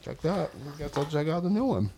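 A man's voice: fairly high pitch, very animated, a little fast, warm tone, a little hiss or hum. A man in a casual food-review chat with friends, talking loosely with teasing, profane banter.

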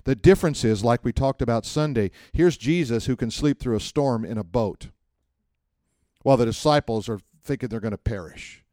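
A man's voice: medium pitch, moderate pace, no room sound, clean studio sound. A man teaching a church class in a conversational sermon style, telling stories, acting out quotes and asking the room questions. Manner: animated storytelling, acts out quotes, asks the room questions.

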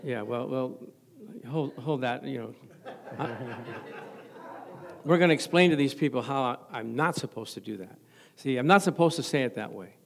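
A man's voice: mid-range voice, moderate pace. A middle-aged man preaching a sermon as pastor in a church, joking playfully with the congregation.

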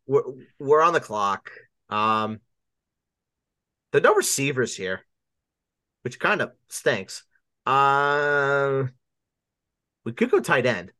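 A man's voice: mid-range voice, big pitch swings, takes it slowly, pauses often, bright, forceful tone, clear, resonant tone, dry recording, clean studio sound. A man co-hosting a casual fantasy football podcast, teasing his partner in a playful way. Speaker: podcast co-host.

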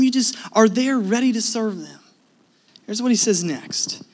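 Speaking a little slowly in a high voice, this preacher animates his personal anecdotes during the sermon, alternating booming emphasis with quiet asides.

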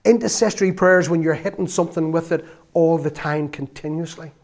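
A man's voice: on the high side, fairly quick. Earnest man preaching. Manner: earnest, storytelling, rises to loud exclamations. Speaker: lay preacher. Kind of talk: sermon.

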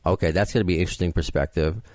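A podcast host, chatting casually and poking fun at himself, with frequent restarts. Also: male voice, low voice, racing, a little mellow, no room sound. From Queens, New York. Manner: self-deprecating, rambling with restarts.

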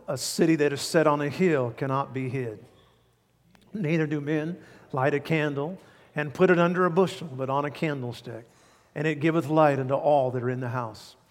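Animated preaching man in a church hall. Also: on the high side. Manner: animated preaching, stretches words for emphasis. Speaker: pastor. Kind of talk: sermon. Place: church sanctuary.

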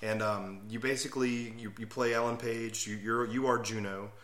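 A man's voice: lowish voice, steady tone, moderate pace, a bit bright, a little hiss or hum. A man co-hosting a podcast in casual chat, explaining at length and with enthusiasm. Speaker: podcast co-host. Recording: roomy echo.

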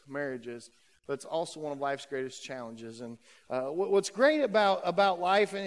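A man's voice: sits high, a bit bright, long reverb tail. A man preaching a conversational sermon as pastor, with frequent fillers and restarts. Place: church sanctuary.

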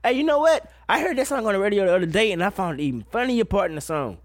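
A man giving a casual, profane solo rant about music gossip, breaking into sudden loud high outbursts. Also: sing-song, very fast, no echo, clean studio sound. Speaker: solo commentator.

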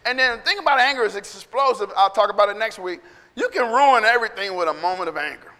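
A man's voice: high voice, animated, fast talker, bright, forceful tone, in a large hall. A middle-aged male pastor preaching a sermon in a conversational way, acting out quotes and laughing between points.

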